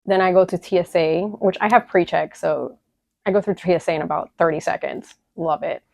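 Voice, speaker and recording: Profane, emotional woman vlogger, gravelly and low. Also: brisk, a little mellow, no room sound. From Chicago. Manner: emotional, profane, rambling with many fillers. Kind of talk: candid personal storytelling. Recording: dull lo-fi dry audio.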